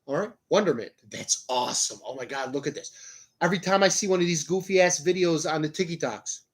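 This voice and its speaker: Male motivational podcast host, loud and hyped, profane, jokey, speaking to camera indoors. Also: fairly quick. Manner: loud, high-energy, swearing, jokey. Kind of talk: motivational casual talk.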